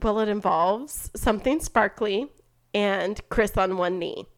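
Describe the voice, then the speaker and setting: A woman co-hosting a casual podcast, upbeat and quick to laugh. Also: medium pitch. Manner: upbeat, giggly. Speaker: podcast co-host. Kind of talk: casual chat.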